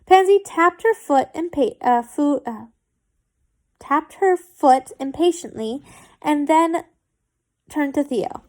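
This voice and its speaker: A woman's voice: high voice, animated, takes it slowly, pauses often. A woman reading fan fiction aloud, stumbling and correcting herself, with chatty asides.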